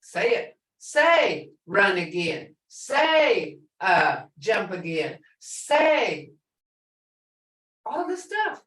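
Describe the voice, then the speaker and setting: Woman teaching a language class, slow and sing-songy, echoey room, mic kinda far off. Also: mid-range voice, very animated, a bit bright. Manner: repeats words slowly, prompts students to answer.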